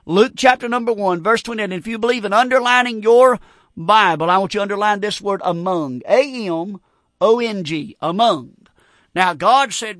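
A preacher delivers a fiery radio sermon, hammering home repeated phrases. His voice sits high and sounds bright and ringing. The sound is close and dry, with no room around it. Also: animated, normal speed, no echo. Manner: preaching with rising emphasis and repetitions.

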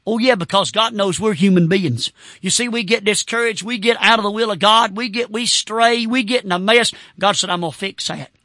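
A man preaching a sermon as a Baptist pastor, fervent, with shouting bursts and whoops. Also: sits high, normal speed, no room sound, studio quality.

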